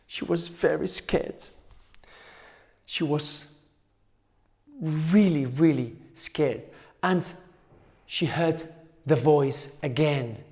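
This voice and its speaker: A male teacher telling a folk tale to schoolchildren, slow and repetitive with dramatic pauses. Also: on the high side. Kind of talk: storytelling for children.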